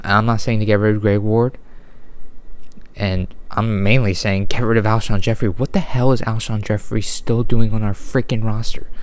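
Exasperated man in a smooth, low voice. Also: little pitch movement. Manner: exasperated, sighing, ranting; deliberately holding his volume down. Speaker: sports fan vlogger. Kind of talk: unedited angry rant.

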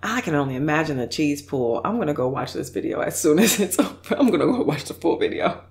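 A woman's voice: sits low, lively intonation, quick pace. A woman mukbang YouTuber chatting casually and effusively while reacting to video clips, laughing often.

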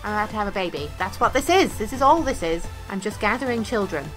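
A woman's voice: medium pitch, expressive, fast, fairly bright tone, faint music behind. A woman hosting a let's play, giving casual gameplay commentary with blunt, profane jokes and frequent giggling.

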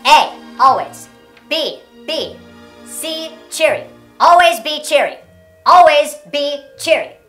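A woman's voice: fairly high pitch, lively intonation, normal speed, pauses often, bright, forceful tone, faint music behind. A woman playing a brash, abusive male sales boss from the North Pole in an amateur comedy parody, swaggering and berating.

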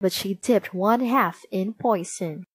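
A woman narrating a storybook aloud, slow, clear and expressive. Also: medium pitch.

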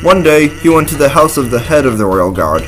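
A man's voice: fairly high pitch, big pitch swings, a little fast, faint music behind, rough recording. A man voicing a lazy, joking male skeleton, reading game dialogue aloud with an offhand, laid-back delivery.

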